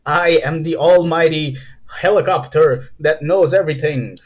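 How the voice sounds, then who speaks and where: A grandiose, self-important talking helicopter, put on by a man in a comic home video skit. He booms in a fairly high voice with lofty pronouncements and bumbles when pressed. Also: normal speed, natural voice. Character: pompous all-knowing male helicopter.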